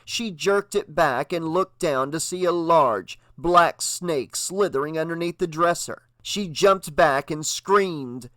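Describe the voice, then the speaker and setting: Male audiobook narrator, expressive, fairly high voice, dry close mic. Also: slow, hardly any pauses, no echo.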